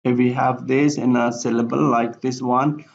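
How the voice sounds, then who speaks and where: A male teacher giving a recorded slide lecture, halting with frequent fillers and self-corrections. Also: mid-range voice, flat delivery, vocal fry, slight background noise. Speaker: English teacher. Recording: dull lo-fi recording.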